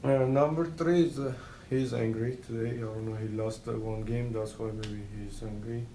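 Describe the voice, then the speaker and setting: A man speaking halting, hesitant non-native English as a player at a tournament game. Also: medium pitch, steady tone. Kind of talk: game table speech. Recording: echoey noisy room.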